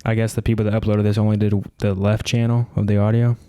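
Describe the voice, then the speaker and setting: A man's voice: fairly low pitch, flat delivery, dark tone, clear, resonant tone. A young man co-hosting a podcast, chatting casually about a movie he just watched, rambling and restarting his sentences. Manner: quick, rambling, lots of restarts. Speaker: podcast co-host. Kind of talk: casual movie reaction chat.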